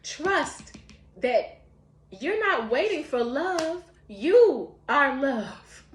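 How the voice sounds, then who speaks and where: A woman's voice: high voice, very animated, extremely slow, roomy sound. A woman giving a casual spiritual tarot reading, heartfelt and encouraging, often breaking into laughter. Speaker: tarot reader.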